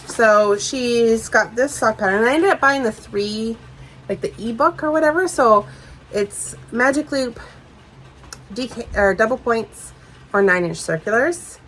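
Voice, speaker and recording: A chatty Canadian woman co-hosts a casual podcast from home, rambling easily from one thought to the next and breaking into laughter often. Her voice sits a little on the high side, and a faint hiss runs under it. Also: a little slow, fairly bright tone, low-quality recording. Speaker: podcast co-host. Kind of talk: casual chat.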